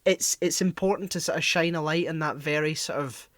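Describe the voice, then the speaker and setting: A man's voice: on the high side, fairly quick, a bit bright, no room sound, clean studio sound. A man co-hosting a podcast, talking bluntly and swearing in casual chat. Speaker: podcast co-host.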